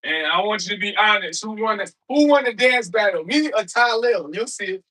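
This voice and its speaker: A man's voice: high voice, expressive, fairly quick, pushed and bright, low-quality recording. A man hosting a livestream, chatting casually and loosely with slang, rambling and calling out viewers in the chat by name. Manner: loose, slangy everyday speech. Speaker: livestream host.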